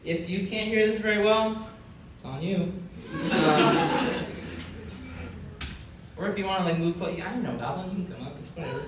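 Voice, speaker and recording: A young man hosts a comedy panel at a convention in a high-pitched voice, speaking at normal speed but with long pauses. His chat is deadpan, mock-conspiratorial and packed with fillers, heard from far off through a room microphone in a very echoey, noisy hall.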